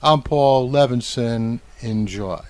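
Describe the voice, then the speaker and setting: A man hosting his own podcast, giving reflective commentary and slowing down to stress key words. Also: mid-range voice, a little mellow. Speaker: podcast host and media commentator.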